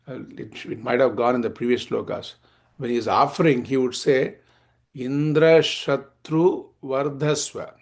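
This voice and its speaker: A man teaching a scripture class, chanting verses slowly and explaining them with many fillers. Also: mid-range voice, a little mellow.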